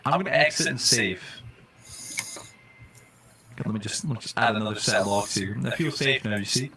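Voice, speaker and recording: A man's voice: fairly low pitch, lively intonation, a little fast, pauses often, pushed and bright, slight background noise. Guy streaming a game live, jokey and hyped, swears when something jumps him. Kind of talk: casual live-stream commentary.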